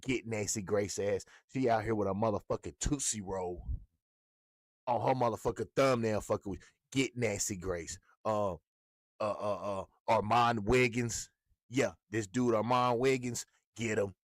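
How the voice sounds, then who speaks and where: A man's voice: on the low side, steady tone, normal speed, dry recording, clean studio sound. Angry guy ranting on his channel, swears a lot, keeps repeating himself. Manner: profane, heated, repetitive ranting. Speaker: hip hop blogger. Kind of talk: ranting commentary.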